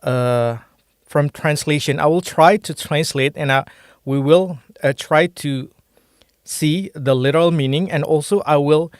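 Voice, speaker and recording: A man's voice: on the high side, measured pace, clear, resonant tone, dry recording, studio quality. A man from Indonesia with an Indonesian accent, teaching a casual language lesson and explaining with many fillers and restarts.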